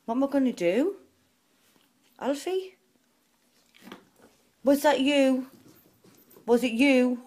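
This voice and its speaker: A woman's voice: sits high, takes it slowly, pauses often, darkish tone. A woman questioning her dogs in a mock-stern way about a mess. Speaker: dog owner. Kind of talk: scolding a pet.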